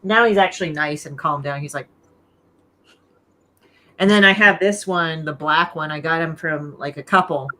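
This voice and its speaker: A woman's voice: low-pitched, normal speed, pauses often, sharp tone. A woman co-hosting a casual video call chat, rambling and swearing freely.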